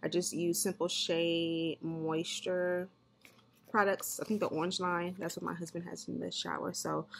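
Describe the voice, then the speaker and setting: A woman's voice: measured pace, vocal fry, a little hiss or hum. A woman and mom chatting candidly to her viewers in a casual vlog. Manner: chatty and candid, with lively jumps in pitch. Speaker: vlogger and mom. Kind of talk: casual vlog chat to camera.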